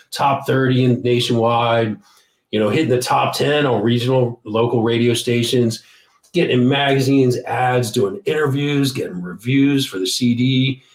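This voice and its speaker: A man from Maryland, a guest musician, telling rambling, animated stories in a casual interview. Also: medium pitch, reverberant.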